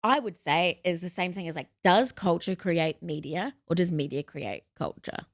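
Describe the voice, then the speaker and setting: A woman's voice: lowish voice, lively intonation, normal speed, dry recording, clean studio sound. A woman co-hosting a podcast in casual comedic chat, self-mocking, laughing often and swearing. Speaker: podcast co-host.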